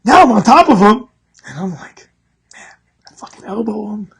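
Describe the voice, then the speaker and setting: Casting: middle-aged man, husky voice, animated storyteller who swears a lot. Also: sits high, moderate pace. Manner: animated, profane, laughing through story. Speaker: podcast host. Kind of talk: casual storytelling.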